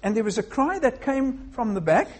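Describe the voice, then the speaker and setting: A preacher giving a sermon to a congregation in a measured way, posing rhetorical questions. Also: medium pitch, expressive.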